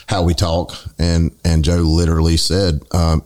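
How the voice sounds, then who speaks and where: Middle-aged Southern man, very low voice, relaxed casual co-host, halting delivery. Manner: laid-back, halting with restarts. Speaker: podcast co-host. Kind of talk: casual podcast chat.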